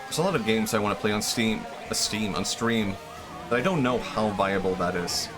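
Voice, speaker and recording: A man with a lowish voice talks casually while he streams a game. He rambles and thinks out loud, full of fillers and restarts. Game music plays clearly behind him. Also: expressive, quick pace. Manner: chatty, thinks aloud with frequent fillers. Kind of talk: casual gameplay commentary.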